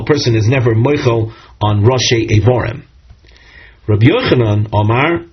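A man's voice: medium pitch, breathy edge. A man giving a Talmud lesson, reading Hebrew and Aramaic phrases and explaining them, with fillers and restarts. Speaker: Talmud teacher. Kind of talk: Talmud class lecture. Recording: dull lo-fi recording.

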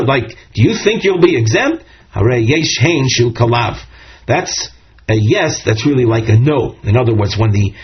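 Man, talmud class lecture, explains as he goes, husky, muffled lo-fi recording. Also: fairly high pitch. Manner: explanatory, translating Hebrew and Aramaic phrases as he goes. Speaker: Talmud teacher. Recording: dull lo-fi recording.

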